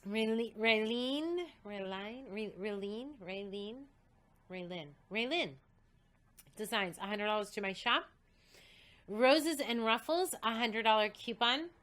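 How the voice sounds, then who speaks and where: A woman host excitedly reading out a list of prizes, coughing and short of breath. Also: fairly high pitch, a little slow. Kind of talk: casual livestream announcement.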